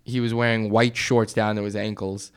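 A man's voice: on the low side, little pitch movement, moderate pace, clean tone. A man hosting a podcast, telling stories in casual chat, acting out quotes and laughing often. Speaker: podcast host.

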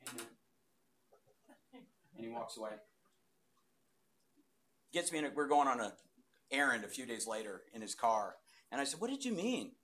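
A man in his fifties stands before a church audience and tells his testimony. His delivery swings from sudden loud bursts to quiet, hushed asides, and he keeps the story moving with lively energy. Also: mid-range voice, normal speed, long pauses, a little hiss or hum. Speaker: speaker giving a testimony. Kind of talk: testimony talk to a live audience.

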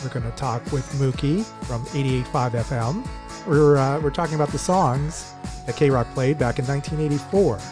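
A man's voice: mid-range voice, moderate pace. A man co-hosting a music podcast in casual chat who laughs easily. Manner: laughs often, chatty. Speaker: podcast co-host. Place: home studio, remote recording.

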